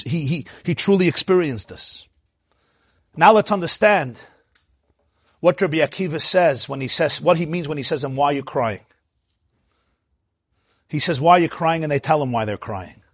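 A man teaching a Torah class as a rabbi, telling stories and acting out quoted speech with big jumps in pitch and loudness, thinking aloud with restarts. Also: breathy edge, no echo, clean studio sound. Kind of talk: Torah lecture.

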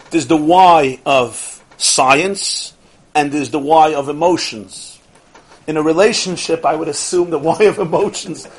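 Male religious teacher, higher voice, rhetorical questions, acts out quotes, mixes in Yiddish and Hebrew, chuckles between points. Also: a bit bright, rough recording. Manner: sprinkles in Yiddish and Hebrew words. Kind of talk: lively religious lecture.

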